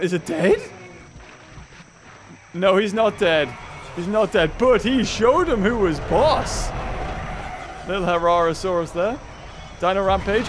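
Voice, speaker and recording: British gaming host, high animated voice, excitable, prone to shouting and laughing. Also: male voice, slow, pauses often, faint music behind. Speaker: gaming YouTuber. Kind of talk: excited let's-play commentary.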